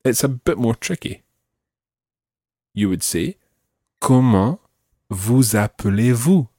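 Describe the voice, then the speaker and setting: A man teaching a French lesson, slowly modelling phrases for the listener to repeat. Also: medium pitch, animated, mellow, husky, no echo, clean studio sound. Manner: slow, carefully enunciated model phrases. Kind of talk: language lesson.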